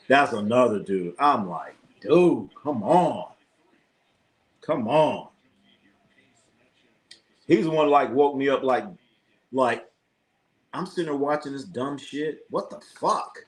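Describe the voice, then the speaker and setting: Profane ranting man hosting a sports stream. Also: lowish voice. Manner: reads chat comments aloud. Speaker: sports livestream host. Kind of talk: casual live sports chat.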